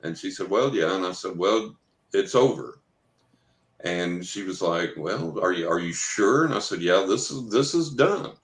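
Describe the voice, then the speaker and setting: Low-voiced man in a roomy echo. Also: normal speed. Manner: anecdotal, quotes others in dialogue. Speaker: psychic guest. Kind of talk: storytelling in a podcast interview.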